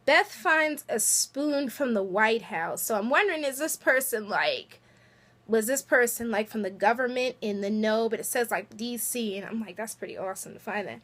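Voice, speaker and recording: Brief: high-pitched woman, giggly and chatty, casual recap vlog. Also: animated, moderate pace, fairly bright tone. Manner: chatty, giggly, lots of filler words. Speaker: vlogger.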